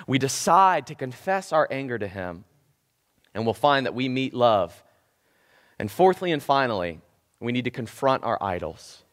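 A man's voice: medium pitch, very animated, moderate pace, fairly bright tone, big-room sound. A man preaching a sermon as pastor, impassioned and emphatic, repeating key phrases. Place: church sanctuary.

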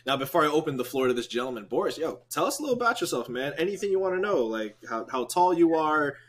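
A man's voice: fairly high pitch, very animated, quick pace, a bit bright. A man hosting a podcast, talking casually in slang with many stumbling restarts. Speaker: podcast host.

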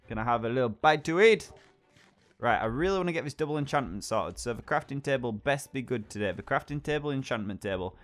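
A young man chatting excitably as he plays a game, talking to his pet along the way. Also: mid-range voice. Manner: chatty and excitable, talks to his pet dog, exclaims at surprises. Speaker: gaming channel host. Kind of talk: let's play commentary.

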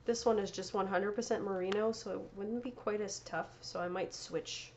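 Knitting podcast lady at home, mid pitch, chatty show and tell, trips over words, laughs a lot. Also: steady tone, moderate pace, darkish tone, slight background noise. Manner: chatty, self-correcting, laughs easily. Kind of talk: casual show-and-tell chat.

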